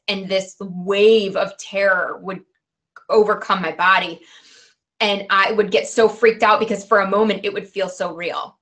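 A woman in her forties telling her own story as a podcast guest, chatty and animated, dotting her talk with "like" and "you know". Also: mid-range voice, moderate pace. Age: 40s. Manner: chatty, animated, peppered with "like" and "right". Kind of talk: candid personal storytelling.

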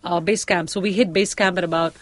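A middle-aged woman with an Indian accent, a podcast guest telling a personal story in a lively, conversational way and acting out the voices of the people in it. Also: on the low side, a little fast, no echo. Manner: animated, acts out quoted dialogue with shifting voices.

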